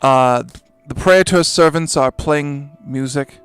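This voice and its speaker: Male GM, narrates with dry asides and the odd curse; a touch high-pitched, soft music bed. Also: slow pace, clear, resonant tone. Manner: swearing, wry asides, voicing characters in quotes. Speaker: game master. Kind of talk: narrating a tabletop game.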